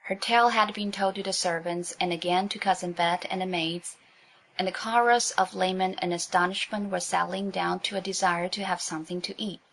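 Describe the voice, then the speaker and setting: A woman narrating a children's audiobook in a clear, even storytelling manner. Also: fairly low pitch, fairly quick.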